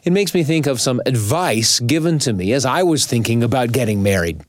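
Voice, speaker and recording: A male host giving calm, thoughtful, measured commentary after a story. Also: medium pitch, dry recording. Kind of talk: reflective radio commentary.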